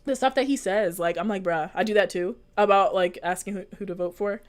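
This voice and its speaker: With a mid-range voice and a fairly quick pace, this young American vlogger chats casually and sincerely with her audience, responding to live comments as they come in and rambling through fillers and false starts.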